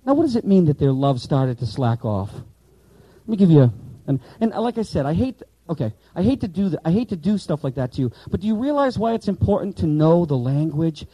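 Warm, emphatic male Bible teacher. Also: on the high side, sing-song, a little fast, dry recording, low-quality recording. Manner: emphatic, repeats key words, asks the class questions. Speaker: Bible teacher for pastors in training.

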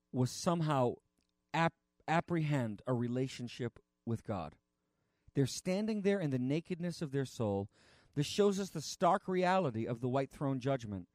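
An earnest male preacher with a slightly higher-than-usual voice, recorded close and dry. He talks in a halting way, stopping on fillers and restarting phrases, then pushes his points with force. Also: a little mellow, no echo. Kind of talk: sermon.

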